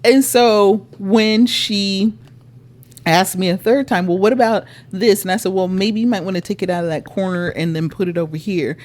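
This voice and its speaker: A woman's voice: mid-range voice, fairly even intonation, moderate pace, darkish tone. A middle-aged woman co-hosting a podcast, telling a personal story in casual chat, acting out what people said, laughing often and swearing. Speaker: podcast co-host.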